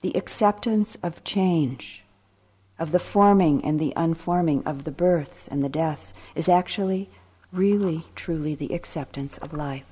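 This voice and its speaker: Brief: older female meditation teacher, low and mellow, gentle reflective dharma talk, phrases fading almost to a whisper. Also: husky. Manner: slow, reflective, trailing phrases, sometimes dropping to a near whisper.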